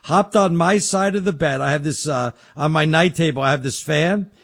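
A man's voice: on the high side, moderate pace, breathy edge. A man telling a rambling story in casual chat, stumbling over his words. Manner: rambling animated storyteller, stammers.

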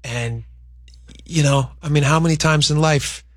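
A man's voice: on the high side, no echo, clean studio sound. A man co-hosting a show, chatting casually about news stories and thinking aloud. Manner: conversational, thinks aloud, reads a statement aloud slowly.

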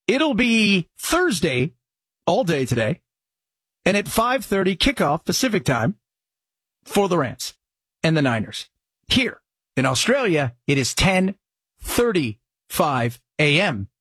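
A man hosting a radio talk show, talking sports in an excitable, animated way. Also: sits high, slightly rough, no room sound.

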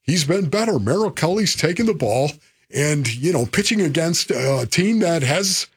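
A male sports radio co-host with a husky, slightly breathy tone and a lot of swing in his pitch. He talks casually but keeps sliding into a deep, stretched-out baseball announcer voice. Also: animated. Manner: drifts into a low, drawn-out announcer voice.

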